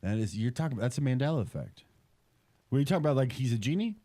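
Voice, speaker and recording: A man's voice: medium pitch, very fast. A young man hosting a podcast in casual chat, telling stories with lots of swearing and mock voices. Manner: animated storytelling, swears freely, slips into mock mobster voices. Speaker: podcast host.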